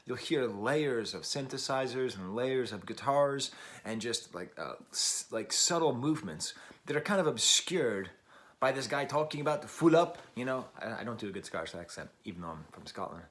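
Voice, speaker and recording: A man's voice: mid-range voice, animated, normal speed, fairly bright tone. An American man hosting his own record review, musing aloud in a digressive way and searching for the right words. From United States. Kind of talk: casual album review.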